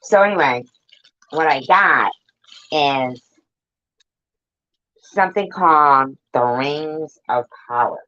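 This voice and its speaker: A woman's voice: deep voice, takes it slowly, long pauses, bright, forceful tone, no room sound, dull audio. A woman vlogger chatting to her viewers in a rambling, jokey way, laughing at her own jokes. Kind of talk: rambling casual chat to viewers.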